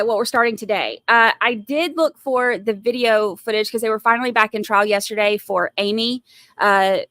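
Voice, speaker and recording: A woman's voice: mid-range voice, a bit bright, dry recording, clean studio sound. A woman with a Southern US accent, hosting a casual livestream, chatty and rambling with lots of fillers and restarts. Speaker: livestream host.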